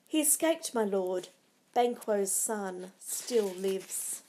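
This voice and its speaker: A woman's voice: a little high, lively intonation, moderate pace, mellow, slight background noise, lightly acted. A woman reading a storybook, voicing a nervous, deferential male hired murderer. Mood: fearful. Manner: uneasy, deferential.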